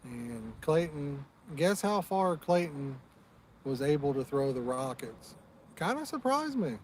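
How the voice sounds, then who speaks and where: A man hosts a live fishing stream from outdoors, chatting easily with his viewers and answering their comments. His voice sits a touch higher than most men's, with a faint hum of the outdoors behind him. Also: big pitch swings, a little slow, low-quality recording. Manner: chatty, talks straight to live chat viewers. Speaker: fishing channel host. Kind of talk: casual live-stream chat.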